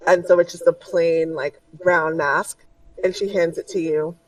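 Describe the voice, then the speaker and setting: A woman's voice: on the low side, fairly even intonation, unhurried, dry recording, recorded from a distance, low-quality recording. A woman narrating as game master of a tabletop game, in loose, rambling narration full of fillers.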